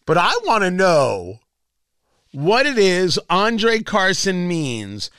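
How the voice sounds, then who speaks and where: Animated, sarcastic male radio host. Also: high-pitched, slow, clear, resonant tone, dry recording, studio quality. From Indianapolis area. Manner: sarcastic, mocking, rhetorical questions, animated swings. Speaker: radio talk show host. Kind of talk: political talk radio monologue.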